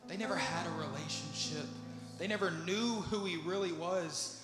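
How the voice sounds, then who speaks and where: High-voiced man preaching in echoey hall. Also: moderate pace. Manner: builds from soft and low to loud pleading. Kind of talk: sermon. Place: church sanctuary. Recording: echoey church hall with music behind. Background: instrumental music.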